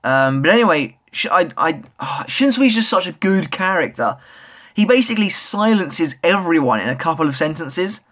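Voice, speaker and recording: A young man with a fairly high voice talks through a manga chapter as a keen fan. He rambles casually, full of ums and restarts. The tone stays relaxed and chatty throughout. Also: normal speed. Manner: enthusiastic fan. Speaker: manga reviewer. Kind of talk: casual video review.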